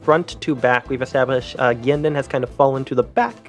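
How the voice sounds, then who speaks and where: A man's voice: mid-range voice, fairly quick, soft background music. A man narrating as game master in a tabletop game, rambling loosely with many fillers.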